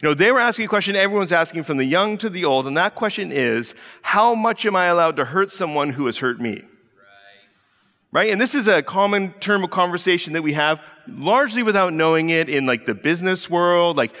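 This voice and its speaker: A man in his thirties preaching a sermon, telling stories in a relaxed, conversational way and acting out the voices of the people in them. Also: on the high side, brisk. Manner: conversational storytelling, acts out quoted voices. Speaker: pastor. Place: church hall. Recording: echoey hall.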